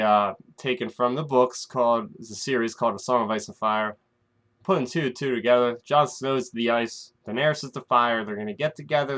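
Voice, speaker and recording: A man talks casually to his viewers as host of his own weekly recap show. He speculates freely and keeps calling out "guys" between points. His voice sits at an average pitch. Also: fairly bright tone. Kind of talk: casual chat to the camera.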